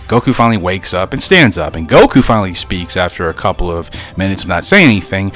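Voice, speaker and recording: A man's voice: sits low, expressive, fairly quick, fairly bright tone, soft background music. A man casually narrating a fan story aloud, correcting himself as he goes.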